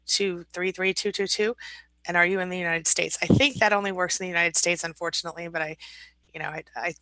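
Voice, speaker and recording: A woman coaching viewers on a live stream, reading their comments aloud and chatting back in a warm, rambling way. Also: mid-range voice, no echo, rough recording.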